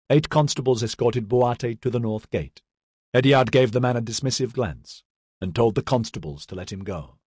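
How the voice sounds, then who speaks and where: A man reading a novel aloud as narrator in steady scripted narration. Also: medium pitch, normal speed, breathy edge, dry recording, studio quality. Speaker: audiobook narrator.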